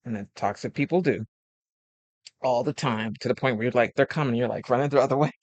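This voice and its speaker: A man's voice: medium pitch, fast, no echo. A man who is a life coach talking casually about friendship, telling stories and acting out the voices of friends, laughing often. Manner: animated storyteller acting out quoted friends. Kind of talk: casual advice monologue.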